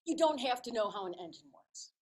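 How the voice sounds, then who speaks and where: Woman in her fifties; animated speech-giver with a slightly high voice, dramatizes her story. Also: fairly quick, very noisy. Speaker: club speaker.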